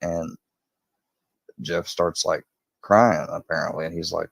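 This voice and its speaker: A man's voice: low voice, measured pace, gravelly, no echo. A man telling a crime story in a casual, rambling way, swearing often and acting out quoted lines in a raised voice.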